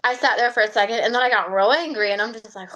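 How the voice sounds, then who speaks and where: A woman's voice: fairly high pitch, fast talker. Chatty woman laughing through her story. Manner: chatty and animated, laughs often, slips into quoting her own self-talk. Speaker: coaching client sharing her story. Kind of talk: casual storytelling on a group call.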